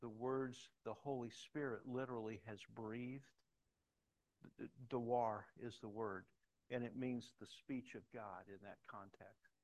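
A man's voice: mid-range voice, steady tone, measured pace, a little mellow, rough recording. Conversational pastor man. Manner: conversational storytelling, emphatic at points. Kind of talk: sermon with personal stories.

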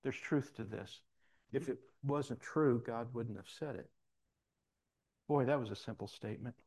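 A man's voice: mid-range voice, measured pace, darkish tone, husky. A man preaching in a church, talking in a folksy, conversational way and telling personal stories. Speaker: pastor. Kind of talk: sermon. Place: church sanctuary.

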